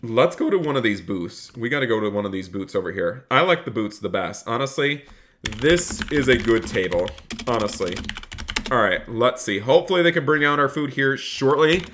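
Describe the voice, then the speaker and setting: A man's voice: mid-range voice, lively intonation, moderate pace, a bit bright, a little hiss or hum. A man live-streaming a game, chatting upbeat with viewers and thanking them by name while playing a polite police officer. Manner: slips into a polite officer role with players. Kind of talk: live-stream gameplay commentary with police role-play.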